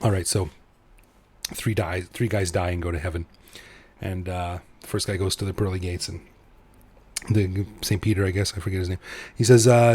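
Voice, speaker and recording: A man with a slightly low, husky voice co-hosts a relaxed podcast. He tells stories with animation and switches between the characters' voices as he goes. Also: moderate pace, pauses often. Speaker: podcast co-host. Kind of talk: casual podcast chat and joke telling.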